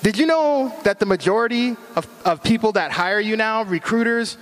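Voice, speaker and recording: High-voiced man joking through a safety talk. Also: animated, normal speed, fairly bright tone, big-room sound. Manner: chatty, joking, uses slang. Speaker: speaker at a cyber safety talk. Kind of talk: casual talk to an audience.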